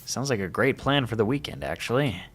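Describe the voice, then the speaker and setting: A man's voice: mid-range voice, animated, brisk. A man casually reading and musing aloud during a game livestream. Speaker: streamer.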